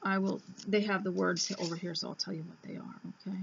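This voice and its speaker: A woman host reading an old school reader aloud, breaking off into chatty asides and admitting she talks too fast. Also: lowish voice, fairly even intonation, creaky, slight background noise. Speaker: homemaking radio host. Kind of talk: casual reading lesson. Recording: dull lo-fi recording.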